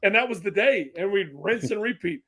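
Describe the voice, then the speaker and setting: A man from Wisconsin, a former basketball player, chatting as a podcast guest in an animated, emphatic way. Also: high voice, brisk, slightly rough. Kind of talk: casual podcast chat.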